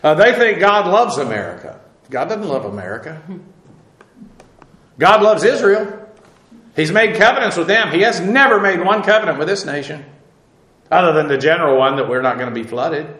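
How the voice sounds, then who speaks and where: A man teaching the Bible verse by verse, halting with many "uh"s as he spells out Hebrew words, then pressing his points emphatically. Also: on the high side, lively intonation, a bit bright, reverberant. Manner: emphatic, preacherly warnings.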